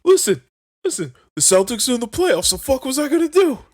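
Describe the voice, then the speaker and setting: A man voicing a belligerent, drunk middle-aged man with a Boston accent, shouting defensively. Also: extremely high pitch, very animated, fairly quick, dry recording, clean studio sound, voice pushed up, exaggerated voice. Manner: loud, slurring, defensive shouting.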